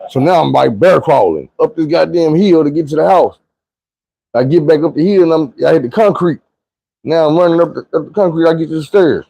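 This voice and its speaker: A man's voice: on the high side, a little fast, vocal fry, dry recording, low-quality recording. A young man telling a profane, vivid personal story in a casual monologue. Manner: vivid, profane retelling with shouted quotes.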